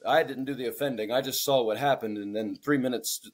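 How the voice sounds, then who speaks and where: A man in his forties co-hosting a podcast, telling profane, animated stories in casual chat and acting out the people he quotes. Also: medium pitch, fairly quick. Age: 40s. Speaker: podcast co-host.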